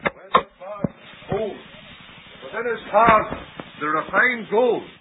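A man preaching a sermon, dramatic, with sudden rises and hushed drops. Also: sits high, expressive, slow, slight background noise. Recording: tinny old radio broadcast.

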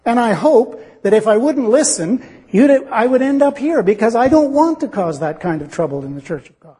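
A man's voice: very high voice, lively intonation, moderate pace, hardly any pauses, warm tone, breathy edge, in a large hall. A man preaching a sermon in an earnest, reasoning way, acting out little dialogues to make his point.

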